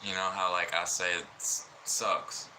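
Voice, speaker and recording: A slow-talking Southern man from Alabama chats in a rambling livestream, his accent plain as he drifts from thought to thought. His low voice has a strikingly bright tone, with faint room noise behind him. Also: flat delivery, low-quality recording. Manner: slow, rambling, lots of fillers. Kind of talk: casual rambling livestream chat.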